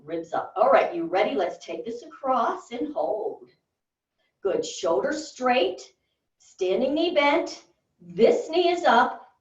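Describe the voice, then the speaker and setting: Woman cueing a slow, roomy workout. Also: sits high, big pitch swings. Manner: encouraging, gives short counted movement cues. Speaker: fitness instructor. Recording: roomy, distant and dull.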